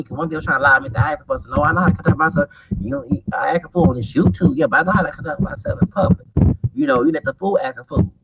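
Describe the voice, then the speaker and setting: A gravelly-voiced man in his forties rambles through a story with a lively, swooping, slightly high voice. He talks in animated, profane bursts and restarts. He is recorded from some distance, with loud background noise. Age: 40s. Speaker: vlogger.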